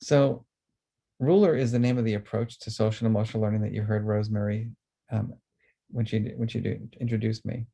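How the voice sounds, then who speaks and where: A man presenting a webinar on emotions, speaking earnestly and then guiding listeners through a calm, slow breathing exercise. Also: on the low side, creaky.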